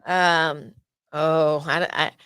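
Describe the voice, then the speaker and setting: A woman's voice: sits low, fairly even intonation, drawn-out words, fairly bright tone, clear, resonant tone, no room sound, clean studio sound. A woman with a New Jersey accent hosting a casual podcast interview, chatty and joking with loose asides. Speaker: podcast host.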